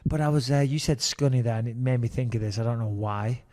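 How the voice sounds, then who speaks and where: A man's voice: mid-range voice, quick pace, dark tone. A middle-aged man from England, co-hosting a podcast in casual, rambling, sweary chat. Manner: swears freely, rambling storyteller. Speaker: podcast co-host.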